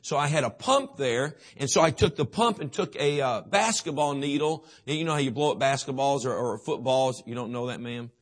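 A middle-aged man preaching a sermon in folksy storytelling, swinging from booming to hushed. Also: expressive, moderate pace, few pauses.

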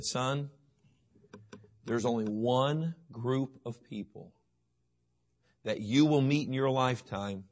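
Man, middle-aged preacher, sermon, folksy storytelling, voice sits a bit high. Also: slightly rough. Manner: folksy storytelling, swings from booming to hushed.

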